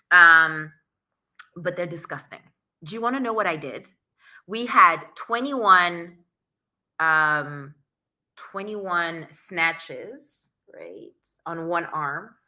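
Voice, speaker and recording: A woman's voice: lowish voice, pushed and bright. A young woman hosting a casual live stream, chatting to viewers and greeting them by name, still out of breath after a workout. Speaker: social media coach and live-stream host.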